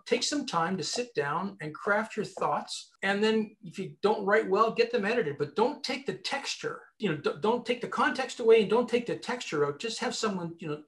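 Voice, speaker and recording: A man who works as a recruiter and author, telling stories emphatically as a guest in an interview. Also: sits high. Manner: animated storyteller, emphatic. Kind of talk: conversational interview.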